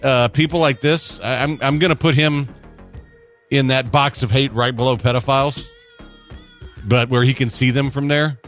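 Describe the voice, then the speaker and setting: A man's voice: medium pitch, fairly even intonation, moderate pace, fairly bright tone. Guy hosting sports radio, rambly, lots of uhs, faint music behind. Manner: rambling, frequent restarts and uhs. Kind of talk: casual radio banter.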